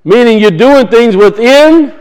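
A man's voice: very high-pitched, expressive, measured pace, darkish tone, clear, resonant tone, rough recording. A man preaching a sermon, teaching from scripture and emphatically asking and answering his own questions.

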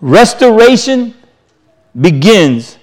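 Emphatic preacher with a lively voice. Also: male voice, high voice, slow pace. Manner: emphatic, repeats phrases, swings from loud to quiet. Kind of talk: sermon.

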